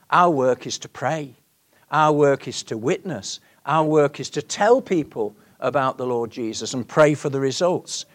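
A man preaching a sermon, earnest, moving between loud emphasis and hushed questions to the congregation. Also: on the high side. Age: 60s.

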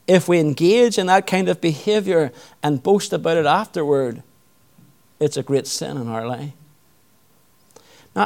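A man preaching a sermon, reading scripture aloud and then exhorting his listeners, swinging from loud intensity to hushed, earnest appeals. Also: high voice, vocal fry.

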